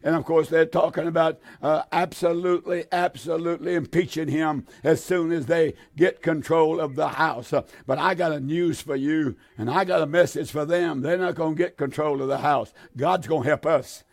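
An elderly man in his eighties delivers a fervent, pleading sermon in a fairly high voice, his speech full of "uh" and restarts. He presses hard on his listeners with direct appeals and repeated lines. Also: fairly even intonation, normal speed, few pauses. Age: 80s. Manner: fervent pleading preaching with frequent "uh" fillers. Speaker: preacher. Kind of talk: radio sermon.

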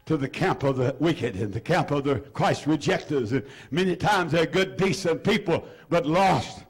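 A man preaching a fervent sermon to his church as pastor, pleading and rising to shouts, with many "uh" fillers. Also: on the high side, husky.

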